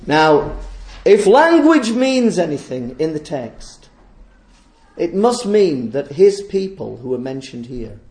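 Male preacher, sermon, high-pitched, gravelly, echoey church room, emphatic and repetitive. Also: very animated, slow, darkish tone. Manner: emphatic, repeats phrases for stress.

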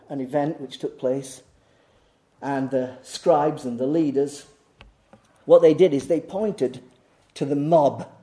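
A slightly high-voiced preacher delivers an emphatic, insistent sermon. He keeps repeating key words, poses rhetorical questions to the congregation, and moves between urgent outbursts and soft asides.

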